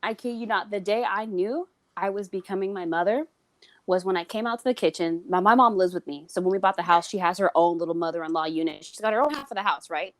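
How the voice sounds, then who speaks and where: A woman guest on a podcast in casual chat, an animated, profane storyteller. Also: medium pitch, quick pace, no echo.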